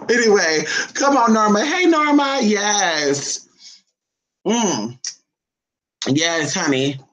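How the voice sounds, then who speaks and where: A vlogger at home chatting to the camera and a pet dog, cursing freely, calling everyone honey and jumping into a squeaky high voice to tease the dog. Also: expressive, very slow, long pauses, a bit bright. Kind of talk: casual, profane home vlog. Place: indoors at home. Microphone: phone or camera set down nearby.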